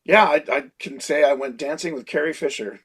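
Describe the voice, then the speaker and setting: A man in his sixties, a creature designer, telling lively anecdotes in a casual interview and slipping into impressions of people. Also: fairly high pitch, a little fast, husky.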